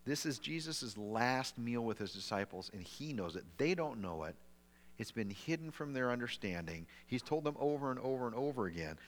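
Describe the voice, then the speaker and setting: A middle-aged man preaching a sermon as pastor, in a conversational way with lively asides, often restarting his words. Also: medium pitch, normal speed. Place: church sanctuary. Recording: long reverb of a large hall.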